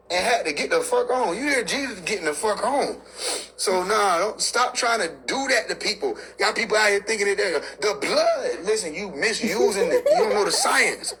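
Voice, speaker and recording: A man's voice: sits high, sharp tone, slight background noise, low-quality recording. A man in a casual, profane monologue rant, lecturing on scripture in street slang and laughing between his points.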